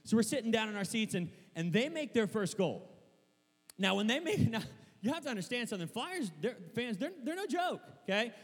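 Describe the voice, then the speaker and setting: A young man preaching a sermon in a church, rambling and excitable, stumbling over restarts and breaking into shouts. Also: very high voice, brisk, breathy edge, big-room sound. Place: church hall.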